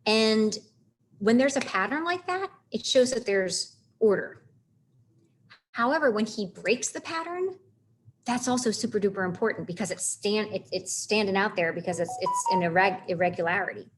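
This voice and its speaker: A woman teaching a casual literature lesson, chatty and animated, stopping to read lines of verse aloud with heavy stresses. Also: medium pitch, a little hiss or hum. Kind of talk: casual classroom lecture on literature.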